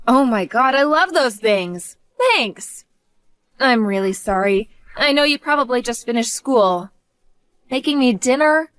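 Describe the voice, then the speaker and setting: A woman's voice: fairly high pitch, lively intonation, unhurried, a bit bright, smooth, no echo. Firm protective middle-aged mother. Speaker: storyteller as the mother. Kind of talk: acted story narration.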